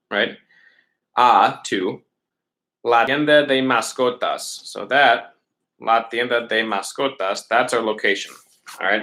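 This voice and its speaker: A man's voice: mid-range voice, fairly bright tone, low-quality recording. A man teaching middle school Spanish, walking students patiently through a worksheet step by step and checking in with them often. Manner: patient, step-by-step explaining with frequent "right?" checks. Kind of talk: remote lesson walkthrough.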